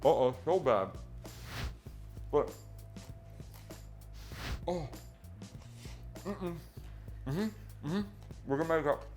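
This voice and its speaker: A middle-aged man with a high-leaning, slightly mellow voice draws out his words and leaves long pauses, with soft music behind him. He casually demonstrates cooking in his low-ceilinged home kitchen, chatty and teasing, answering his own questions and at times holding his handheld mic close.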